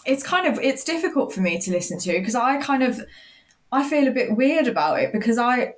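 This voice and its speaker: A woman's voice: a little high, sing-song, a little fast. A woman hosting a podcast interview, asking supportive questions in a hesitant way, with fillers. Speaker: podcast host.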